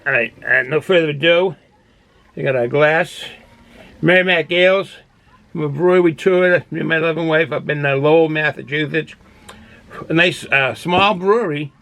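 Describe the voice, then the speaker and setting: A man's voice: fairly high pitch, normal speed, gravelly, fairly bright tone, no room sound. An older man with a Boston accent, reviewing beers in a rambling, folksy monologue from his home den, with lots of fillers and restarts. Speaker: beer reviewer. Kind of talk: casual product review monologue. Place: cool home den he calls a man cave.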